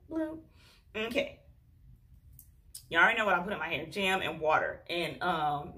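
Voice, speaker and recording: A woman with a drawl talks through a hair tutorial in a loose, chatty way. She sounds fed up and addresses her viewers directly as she works. Her pitch sits in an ordinary middle range. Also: pushed and bright. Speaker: beauty vlogger. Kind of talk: casual hair tutorial chat.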